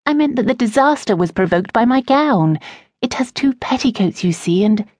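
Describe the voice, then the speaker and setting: A woman's voice: a little high, lively intonation, normal speed, darkish tone, dry recording, pitched above the performer's own voice. Woman voicing a tart young debutante. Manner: composed, with tart asperity. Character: poised young noblewoman, a debutante and patient daughter. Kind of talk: audiobook character voice.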